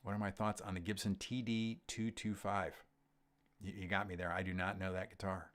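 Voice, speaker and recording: Deep-voiced man chatting loosely on a livestream. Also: moderate pace. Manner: relaxed, rambling, frequent ums and restarts. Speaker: host of a gear livestream. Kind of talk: casual livestream chat reading comments.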